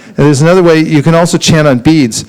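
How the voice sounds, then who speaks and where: A man giving a lively, humorous devotional talk at a temple and leading group chanting. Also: a little high, fast, clear, resonant tone, poor audio. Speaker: spiritual teacher.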